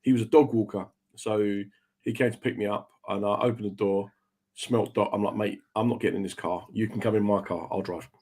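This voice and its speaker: A man's voice: lowish voice, fairly even intonation, brisk, a little mellow. A man hosting a radio show, telling stories in casual chat and doing the voices of the people he quotes. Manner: chatty, swaps into voices when quoting people.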